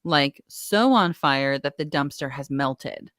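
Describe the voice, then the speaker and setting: Low-voiced woman telling a story. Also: takes it slowly, no echo, clean studio sound. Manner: animated storyteller, acts out quotes. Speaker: podcast co-host. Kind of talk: casual chat.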